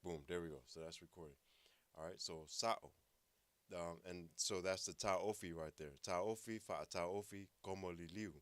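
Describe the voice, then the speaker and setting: A man's voice: low voice, fairly even intonation, normal speed, a bit bright, no room sound. A man teaching a language class, patiently explaining and repeating words for practice. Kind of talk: online language lesson.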